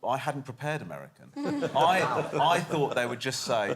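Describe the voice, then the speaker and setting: A man's voice: mid-range voice, expressive, moderate pace, a little hiss or hum. A British man, an actor guest on a talk show, telling a story with lots of laughter. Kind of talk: chat show interview.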